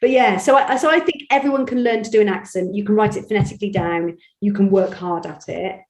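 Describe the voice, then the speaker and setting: A chatty woman with a Bristol accent tells stories in an interview, animated and full of quick restarts. Her mid-pitched voice rings a little in an echoey room. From England. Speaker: audiobook narrator guest. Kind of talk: conversational interview.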